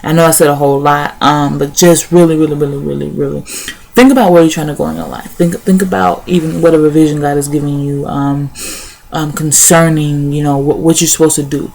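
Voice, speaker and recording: A woman's voice: low-pitched, steady tone, a little fast, gravelly, darkish tone, slight background noise. A young woman sharing her thoughts in a casual vlog, repeating words as she goes and dropping in "y'all" and "honey". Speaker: vlogger. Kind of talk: casual spoken reflection.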